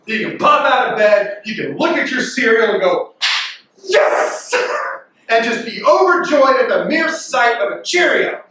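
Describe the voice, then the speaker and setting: A man preaching a lively, joking sermon to teenagers, with sudden loud outbursts when he acts out reactions. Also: very high voice, normal speed, few pauses, a little hiss or hum. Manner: animated and jokey, bursts into loud mimicking. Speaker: youth pastor. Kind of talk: youth sermon. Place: large echoey worship hall. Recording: distant mic in reverberant hall.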